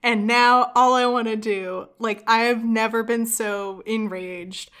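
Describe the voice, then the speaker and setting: Bright, animated woman podcast host. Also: a little high, a little slow, clean tone. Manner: animated, emphatic, reads quotes aloud with feeling. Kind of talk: casual chat, book discussion.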